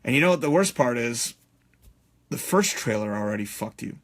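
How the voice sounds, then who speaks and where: A middle-aged man chatting on a live stream in a loose, rambling way. He swears freely and fills his talk with "uh" and "you know". His voice sits at an ordinary middle pitch. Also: animated, normal speed. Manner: rambling, profane, many fillers. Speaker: podcast host. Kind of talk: casual live-stream chat.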